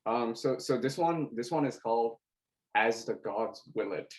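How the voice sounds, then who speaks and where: A young man co-hosting a casual podcast over a video call, excitable and joking, swearing often. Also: medium pitch, unhurried, low-quality recording. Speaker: podcast co-host.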